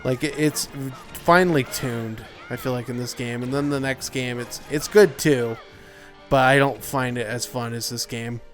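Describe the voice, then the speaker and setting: A man's voice: mid-range voice, a bit bright. Tired rambling young man commenting on gameplay. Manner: rambling, filler-heavy, yawning and tired. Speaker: let's play commentator.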